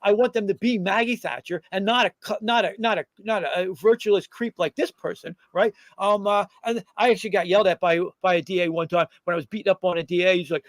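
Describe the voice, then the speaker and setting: Middle-aged male talk host, high voice, rambling combative commentary, lots of filler. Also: fairly quick, hardly any pauses, dry recording.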